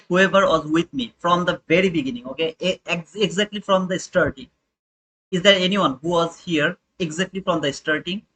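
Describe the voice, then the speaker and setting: On poor audio, a young man running a live trading stream addresses his chat viewers in an informal, repetitive way. His voice is high, bright and pushed.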